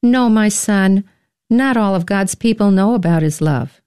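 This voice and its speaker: A woman voicing a patient, loving mother in a slow storybook reading. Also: mid-range voice, expressive, a little mellow, clean tone, close to an everyday voice. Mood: tender.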